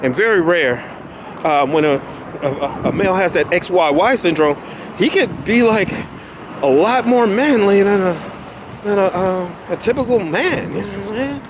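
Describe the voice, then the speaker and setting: A man's voice: high voice, animated, moderate pace. A man vlogging while walking his dog down a neighborhood street, rambling and often losing his train of thought. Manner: laughs often. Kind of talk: casual rambling chat. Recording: noisy street with traffic.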